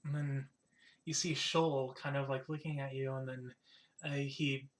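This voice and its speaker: A man's voice: mid-range voice, little pitch movement, measured pace. A man narrating as game master of a tabletop game, rambling and full of fillers.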